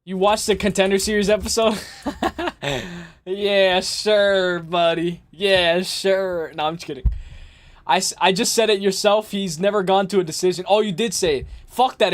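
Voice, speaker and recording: A man hosting a live stream, chatting casually and excitably with his viewers and laughing often. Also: sits high, moderate pace. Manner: excitable, laughs often, talks straight to chat. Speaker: livestream host.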